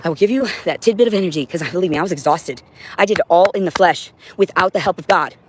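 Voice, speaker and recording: A woman's voice: on the low side, fast talker, noisy background. Intense profane woman livestreaming. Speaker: livestream host. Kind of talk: rambling livestream monologue. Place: indoors at home with a cat.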